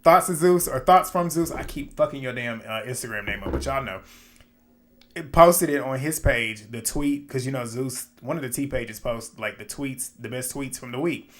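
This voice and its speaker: A man giving a casual, opinionated recap of a reality show episode, animated, often laughing and swearing. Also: mid-range voice, moderate pace, a little hiss or hum.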